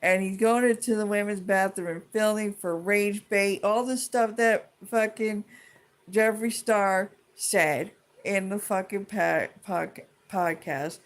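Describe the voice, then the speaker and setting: Woman, heated rant, profane, rambling, mid-pitched voice. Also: steady tone, slow pace. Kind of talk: casual rant to camera.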